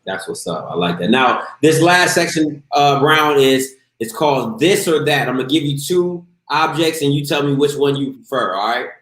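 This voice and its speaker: A man's voice: mid-range voice, lively intonation, normal speed, hardly any pauses, a bit bright. A man hosting a casual live interview show, hyped and slangy, talking straight to his viewers. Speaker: show host. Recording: echoey room.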